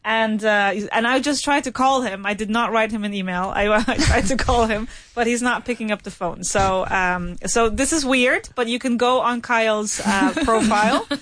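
A woman teaching English as a radio host, energetic and laughing often, correcting students quickly. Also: on the high side. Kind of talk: lively classroom radio show. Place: radio studio. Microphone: studio mic.

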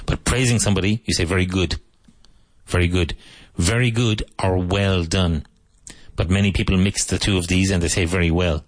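A man teaching English on the radio, repeating each phrase slowly so learners can copy it. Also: deep voice, dry recording. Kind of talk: radio language lesson. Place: radio studio.

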